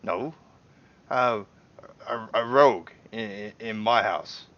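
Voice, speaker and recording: Man voicing a suspicious homeowner, stammering, raised higher voice, indignant, dull audio. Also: slow, fairly bright tone.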